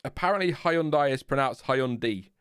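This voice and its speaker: A man with a Lincolnshire English accent hosts a live stream in loose casual chat. He talks at a middling pitch, self-mocking and quick to laugh. His voice is close and dry, with no room sound. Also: a bit bright, smooth, no echo. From Lincolnshire, England. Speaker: livestream host.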